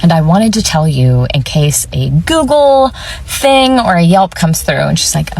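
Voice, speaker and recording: A woman's voice: lowish voice, animated, moderate pace, creaky, darkish tone, slightly rough. A woman telling a blunt, matter-of-fact story about a customer, with some swearing. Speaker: former service worker. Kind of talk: casual storytelling to camera. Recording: voice distant from the mic.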